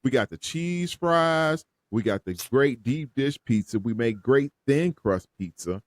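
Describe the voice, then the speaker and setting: A man's voice: medium pitch, animated, measured pace, dry recording, clean studio sound. A man, co-hosting a casual podcast chat in a boisterous, teasing way with lots of slang. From Chicago. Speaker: podcast co-host.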